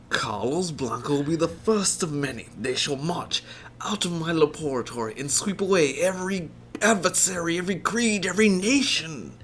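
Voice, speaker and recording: Man voicing a high, breathy megalomaniac warlord villain, whispering and then crying out, with lively swings in pitch. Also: slight background noise, heavily acted. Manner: breathy whispering, rising to tearful high cries.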